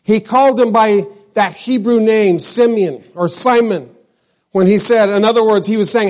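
A man's voice: high voice, moderate pace, darkish tone. A male pastor from New Mexico preaching a sermon, asking his congregation questions and drawing out key words.

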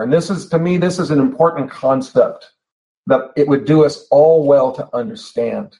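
A man preaching a sermon in a church, earnest and emphatic, repeating phrases and slowing down to stress key words. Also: fairly high pitch, mellow. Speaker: pastor. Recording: slightly dull lo-fi sound.

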